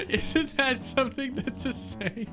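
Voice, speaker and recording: A man's voice: extremely high pitch, slow pace. A man streaming a video game, joking and laughing often in casual commentary. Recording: game music playing clearly behind.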